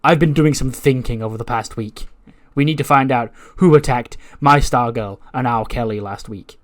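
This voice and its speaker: A man's voice: medium pitch, moderate pace, lightly acted. A man voicing a brash, self-obsessed female wrestler who plays detective and bosses her partner around. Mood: bossy. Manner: bossy, keeps calling her partner a nickname.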